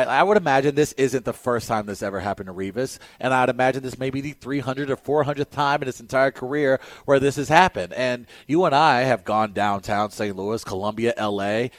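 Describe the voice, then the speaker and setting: A man's voice: mid-range voice, no room sound. Opinionated man hosting sports talk. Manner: opinionated, emphatic, reads news items aloud then riffs. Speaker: sports talk show host.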